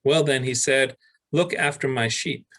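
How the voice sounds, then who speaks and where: A male pastor preaching a sermon, reading scripture aloud with pauses and restarts. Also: medium pitch, a bit bright, poor audio.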